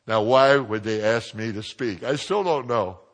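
A man preaching a sermon, joking with his congregation and swinging from quiet asides to loud exclamations. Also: on the low side, measured pace.

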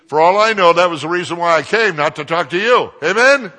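An older man preaches with a loud, forceful voice that cuts through the room. He tells anecdotes to the congregation, sliding between quiet asides and booming punchlines. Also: brisk. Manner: lively anecdotal preaching, swinging from hushed to booming. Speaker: pastor. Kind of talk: sermon storytelling.

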